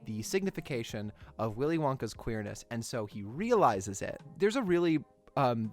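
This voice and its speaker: A young adult film commentator with a mid-range voice launches into a comedic rant full of profanity. He's animated and pokes fun at himself throughout.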